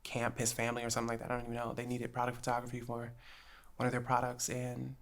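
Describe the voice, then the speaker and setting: Speaking quickly in a very deep voice, a podcast host from New Jersey tells a story in a laid-back chat. She's animated, performs the quoted lines, and laughs a lot.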